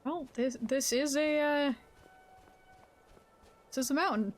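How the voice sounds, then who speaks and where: A woman live-streaming a game, chatting casually with her viewers in an excitable, laughing way. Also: high voice, slow pace, faint music behind. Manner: greets chat viewers mid-game.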